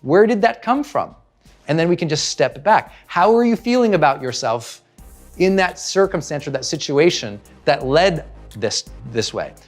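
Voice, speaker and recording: A man's voice: fairly high pitch, very animated, normal speed, soft background music. A middle-aged man, a personal growth trainer, giving a motivational talk, full of rhetorical questions and acted-out inner voices.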